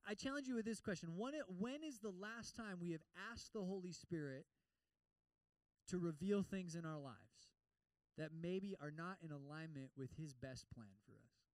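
A man preaching a sermon in an animated way, repeating words as he goes and acting out prayers. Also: sits high, normal speed, no room sound, far from the mic, rough recording. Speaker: pastor.

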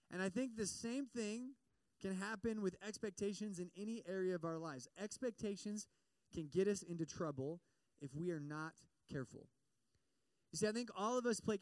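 A young man delivers a sermon in a loose, talkative way, full of fillers and questions to the crowd. His voice sits high and rings smooth and clear. The sound is dry and close, with almost no room. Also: no room sound. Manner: chatty and animated, many fillers, asks the audience questions. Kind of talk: sermon with personal story.

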